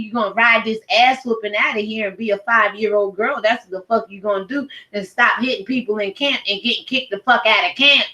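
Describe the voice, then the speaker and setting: A woman's voice: medium pitch, fairly even intonation, normal speed, few pauses, pushed and bright. A middle-aged woman ranting at home in a blunt, profane, heated commentary video. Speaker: commentary vlogger. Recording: roomy echo.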